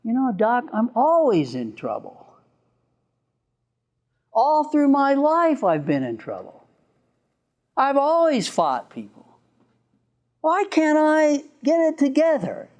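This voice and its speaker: A man's voice: extremely high pitch, huge pitch swings, normal speed, few pauses, darkish tone, big-room sound, pitched above the performer's own voice, full character voice. A man voicing a furious, troubled male prisoner who rants and then pleads. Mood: despairing. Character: angry, tearful grown man prisoner.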